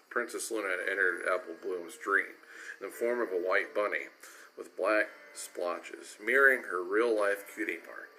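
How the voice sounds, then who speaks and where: A man's voice: low-pitched, bright, forceful tone, rough recording. A man giving a casual cold reading of a story aloud, often stumbling and correcting himself. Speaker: reader.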